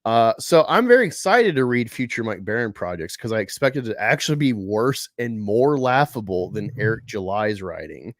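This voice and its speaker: A man's voice: fairly low pitch, animated, normal speed, hardly any pauses, no room sound, clean studio sound. A man hosting a casual live stream about comic books. He rambles, swears freely and talks with sarcasm. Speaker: host. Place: home room at a table.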